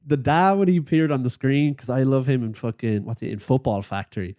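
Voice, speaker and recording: A man's voice: mid-range voice, brisk, mellow, no room sound, studio quality. A young Irish man co-hosting a podcast, retelling film scenes in casual chat with lots of laughing. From Ireland. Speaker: podcast co-host.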